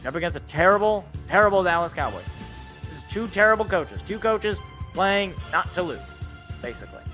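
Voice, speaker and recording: A man hosting a casual sports talk show, rambling and correcting himself, his voice worn out from yelling. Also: high-pitched, expressive, fairly quick, faint music behind. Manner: rambling, self-correcting, laughs at own jokes. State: voice feels worn out. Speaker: sports podcast host.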